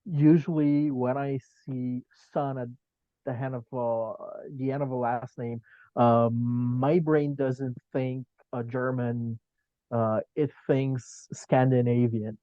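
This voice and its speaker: Slow, hesitant man on a podcast. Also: mid-range voice, fairly even intonation, dry recording, dull audio. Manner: hesitant, full of hedges and filler ums. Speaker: podcast guest. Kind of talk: casual podcast chat.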